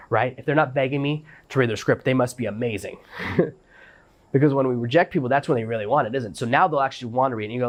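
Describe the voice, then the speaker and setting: A man's voice: mid-range voice, racing. A middle-aged man hosting a podcast, giving an instructional monologue with emphatic, repeated phrases. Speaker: podcast host.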